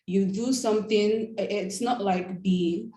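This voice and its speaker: A woman's voice: medium pitch, steady tone, unhurried, mellow, slight background noise. A woman speaking on a panel in a casual, conversational way, dropping frequent "like" and "yeah" fillers. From Nigeria. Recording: roomy echo.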